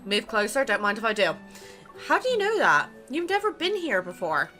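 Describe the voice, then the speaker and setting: A woman's voice: fairly high pitch, wildly swooping pitch, moderate pace, bright, forceful tone. A woman gaming creator reading a romance game aloud in a playful, chatty way. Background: game music.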